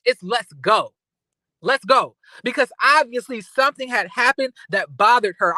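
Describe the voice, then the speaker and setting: A man giving casual recap commentary on reality TV, animated and outraged, ranting with lots of profanity and restarts. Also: very high-pitched, dry recording, poor audio.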